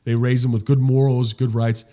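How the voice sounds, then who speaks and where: A young man co-hosting a casual podcast, talking animatedly and restarting his sentences as he gets worked up. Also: normal speed. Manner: animated, rising pitch when worked up, trailing restarts. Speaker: podcast co-host.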